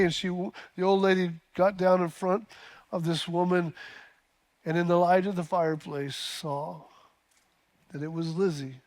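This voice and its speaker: A man's voice: high-pitched, fairly even intonation, moderate pace. A man preaching a sermon as pastor, telling a story with fillers and repeated words before building to emphatic peaks.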